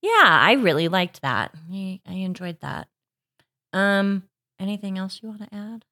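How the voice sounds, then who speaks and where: A woman's voice: mid-range voice, lively intonation, unhurried, pushed and bright. A woman co-hosting a podcast, chatting casually and enthusiastically with a friend about a TV show, with sighs and ums. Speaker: podcast co-host. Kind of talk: casual chat.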